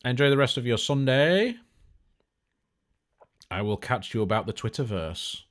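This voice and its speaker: A man's voice: mid-range voice, lively intonation, measured pace. Chatty man hosting a tech stream. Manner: chatty, joking, lots of fillers and restarts. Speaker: tech show host. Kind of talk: casual live-stream chat.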